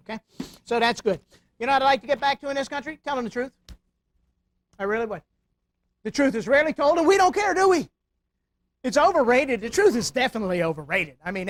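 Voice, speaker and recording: A middle-aged man giving a security awareness talk with humor to a live audience, animated, telling stories and tossing rhetorical questions at the crowd. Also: very high voice, no room sound. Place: meeting room before live audience.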